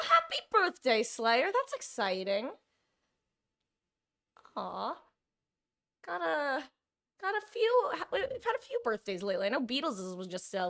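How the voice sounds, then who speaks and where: A woman's voice: medium pitch, vocal fry, fairly bright tone. A woman streamer chatting casually and rambling to her live chat, self-deprecating, with lots of fillers. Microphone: desk mic, monitoring own audio.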